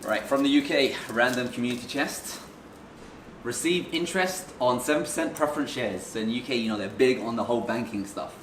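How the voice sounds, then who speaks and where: A man's voice: medium pitch, a little fast, a bit bright. A man co-hosting a casual unboxing chat, playful and teasing. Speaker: co-host. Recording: echoey room, mic at a distance, noisy.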